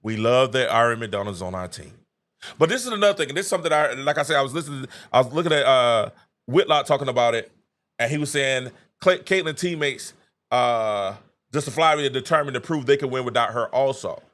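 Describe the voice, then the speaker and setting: A man hosting a live sports talk show, excitable and chatty, breaking into laughter and acting out conversations as he talks. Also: medium pitch, fairly quick. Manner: excitable, laughs mid-sentence, acts out quoted exchanges. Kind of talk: animated live sports commentary.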